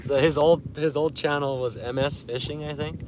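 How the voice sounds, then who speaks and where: A man's voice: fairly high pitch, steady tone, normal speed, heavy background noise. Laid-back man chatting with livestream viewers. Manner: laid-back, laughs often, reads chat aloud. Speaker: fishing livestreamer. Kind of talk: casual live-stream chat. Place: outdoors on a lake in a canoe.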